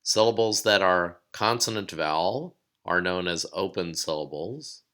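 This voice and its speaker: A man giving a recorded lesson, explaining steps calmly and sounding out words slowly. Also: sits low. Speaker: teacher.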